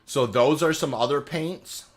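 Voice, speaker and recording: A man's voice: a little high, measured pace. A man in his thirties streaming a game, chatting in a rambling way with many fillers and answering chat messages as they come in. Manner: reads chat messages aloud and answers them. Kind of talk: casual livestream chat.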